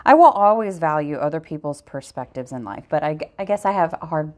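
A woman's voice: low voice, animated, fast talker, a little mellow. A woman co-hosting a casual podcast chat, talking in loose, trailing sentences with restarts. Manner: chatty, trailing off into hesitant restarts. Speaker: podcast co-host.

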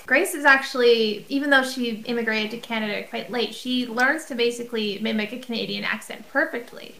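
Woman cohost chatting about a show, kinda high voice, roomy echo. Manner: animated, uses "basically" often. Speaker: podcast co-host. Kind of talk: casual discussion.

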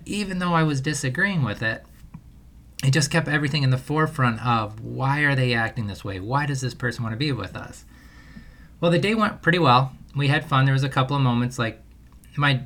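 This man, speaking at a medium pitch with a sharp edge, hosts a parenting podcast on his own. In a casual solo monologue he rambles loosely through a long story, often laughing at himself.

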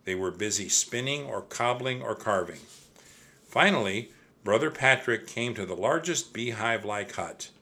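A man reading a children's chapter book aloud as narrator, with expressive storytelling. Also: lowish voice, normal speed.

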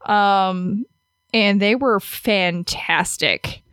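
A woman's voice: mid-range voice, extremely slow, fairly bright tone, smooth, dry recording, clean studio sound. A woman co-hosting a casual podcast chat, joking and giggling with her friend. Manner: giggly, joking, talks over co-host. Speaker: podcast co-host. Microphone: studio mic.

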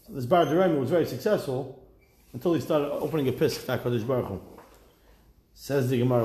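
A man teaching a Talmud class, reading each line and retelling it as a lively story with wry asides. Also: mid-range voice, fast, pauses often, echoey room.

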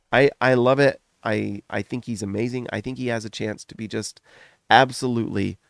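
A middle-aged man hosting a sports podcast, gushing in animated, rapid runs of casual commentary while still foggy from a recent illness. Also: medium pitch, gravelly, no echo, studio quality. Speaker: podcast host.

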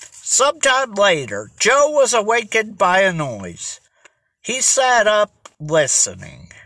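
Storybook narrator, bright tone, dry close sound, unhurried. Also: medium pitch, no echo. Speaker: audiobook narrator. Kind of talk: scripted narration.

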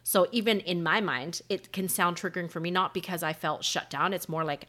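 Her lowish voice is bright and forceful, moving a little fast as she co-hosts a podcast. The married woman chats casually, openly, and personally, with frequent use of "like."

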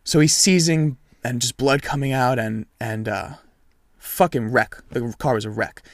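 A young man telling a story in casual, animated chat, swearing freely and acting out what people said. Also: mid-range voice, unhurried, dry recording, studio quality. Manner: animated, profane, reenacts dialogue.

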